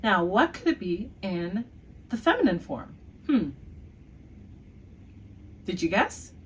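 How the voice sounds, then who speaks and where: Slow, playful woman teaching French. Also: mid-range voice, very animated, recorded from a distance, a little hiss or hum. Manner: playful, quizzing the viewer with drawn-out pauses and hums; exaggerated enunciation of French words. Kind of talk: beginner language lesson.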